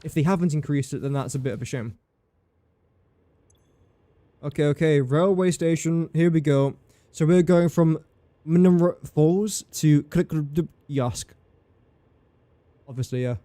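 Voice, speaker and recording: A man's voice: a little high, normal speed, pauses often, mellow, no echo. A man streaming live gameplay commentary, thinking aloud in a chatty way, talking to his game and to viewers in chat.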